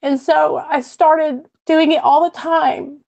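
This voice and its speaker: A woman guest recounting her own hard past, emotional and halting. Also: sits high, steady tone, gravelly, a little mellow, muffled recording. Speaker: guest sharing her story. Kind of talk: personal testimony on a stream.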